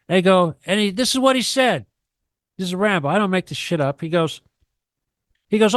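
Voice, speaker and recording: A man's voice: high voice, brisk, pauses often, no room sound. Profane, preachy man on a dry mic. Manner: profane, emphatic, preachy, repeats himself. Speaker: guest on a radio talk show. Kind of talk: ranting radio talk.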